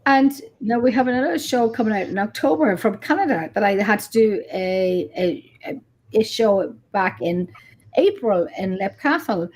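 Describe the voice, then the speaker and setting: A woman's voice: mid-range voice, animated, normal speed, darkish tone. A middle-aged woman, a paranormal investigator chatting casually and animatedly, acting out dialogue and swearing. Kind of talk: casual chat.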